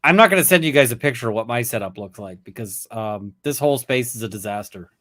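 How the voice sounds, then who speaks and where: A man's voice: mid-range voice, animated, fast talker, fairly bright tone. A man hosting a casual chat, talking loosely and swearing at times. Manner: casual, swearing, tangent-prone. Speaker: host.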